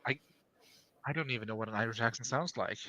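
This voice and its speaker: A man's voice: mid-range voice, fast, bright, forceful tone, dull audio. A man co-hosting a casual writing stream, joking and self-deprecating. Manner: self-deprecating and joking, reads lines in a shaky mock accent. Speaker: streamer co-host.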